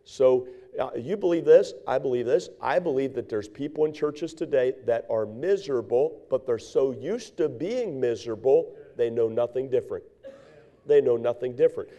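A man's voice: mid-range voice, moderate pace, dark tone, highs cut off. A man preaching a sermon to his church, building up with repeated phrases. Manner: repetitive preaching cadence, rising in fervor. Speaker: pastor.

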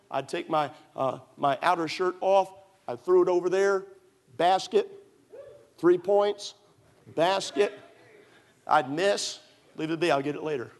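A middle-aged man pastor preaching a sermon, telling stories with emphatic repetition. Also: fairly high pitch.

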